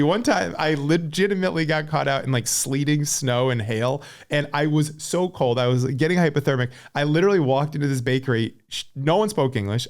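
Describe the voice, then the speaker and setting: Animated American man telling stories. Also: on the high side, a little fast, hardly any pauses. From United States. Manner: animated storyteller, many "like" fillers. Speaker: podcast guest, former pro cyclist. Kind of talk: casual chat.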